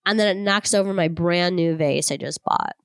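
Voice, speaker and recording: A woman's voice: fairly low pitch, normal speed, clear, resonant tone, dry recording, clean studio sound. A woman co-hosting a podcast, chatting casually and laughing often while telling a frustrated story. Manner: laughs often, plays up frustrations for comic effect. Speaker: podcast co-host. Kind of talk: casual chat.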